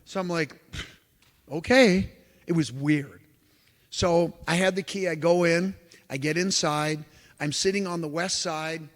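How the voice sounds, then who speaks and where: A man giving a lecture as an animated storyteller, who acts out the exclamations he quotes. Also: a little high, measured pace. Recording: long hall reverb.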